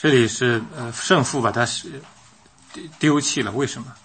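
A man's voice: mid-range voice, moderate pace, fairly bright tone, slight background noise. A man interpreting a sermon live, hesitant, with frequent fillers and restarts.

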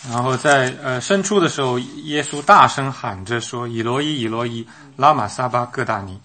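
A man's voice: mid-range voice, normal speed, pushed and bright. A man interpreting a sermon live, hesitant, with frequent fillers and restarts.

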